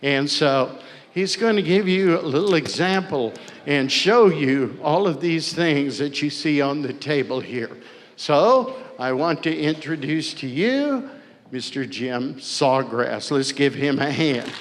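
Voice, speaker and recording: A man's voice: on the high side, expressive, takes it slowly. A man teaching words to children call-and-response style, coaxing and playful, often repeating his instructions. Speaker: language teacher at a powwow. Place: large indoor hall. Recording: long hall reverb, faint ambience.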